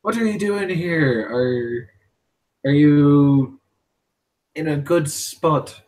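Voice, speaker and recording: A man's voice: fairly high pitch, extremely slow, darkish tone. A man playing a blunt streetwise dock girl. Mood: probing. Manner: blunt, crude, sardonic. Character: blunt streetwise young woman from the docks.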